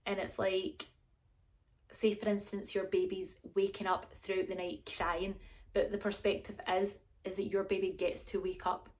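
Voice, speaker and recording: A woman's voice: mid-range voice, little pitch movement, normal speed, a little mellow. A young woman, chatting to camera in a rambling, self-mocking way as a vlogger. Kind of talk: casual chat to camera.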